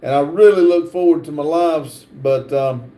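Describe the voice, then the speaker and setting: A man hosting a livestream, reading viewer comments aloud in a halting, stumbling way with lots of fillers. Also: a little high, warm tone, roomy sound. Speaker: livestream host reading chat. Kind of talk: casual live chat, reading comments aloud.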